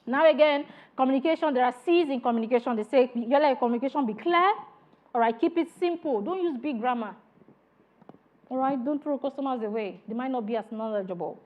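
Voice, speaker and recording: A woman training customer service staff in a classroom lecture, animated and repeating "all right" as she acts out exchanges with customers. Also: sits high, a little fast. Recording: dull lo-fi classroom recording.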